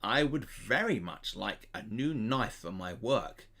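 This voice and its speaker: A man's voice: lowish voice, lively intonation, a little slow, pushed and bright, heavily acted. A man voicing a timid little hooded man who carves bones, sad and fearful at first and proud later.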